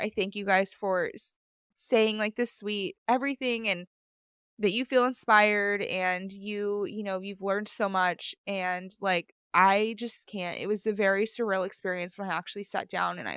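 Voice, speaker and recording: Give me a young woman hosting a podcast, talking casually with lots of fillers and a teary edge, clear and close to the mic. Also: medium pitch, unhurried, fairly bright tone, dry recording. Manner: candid, filler-heavy, chatty. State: teary and sniffling. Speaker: podcast host. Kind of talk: casual solo podcast chat. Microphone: studio microphone.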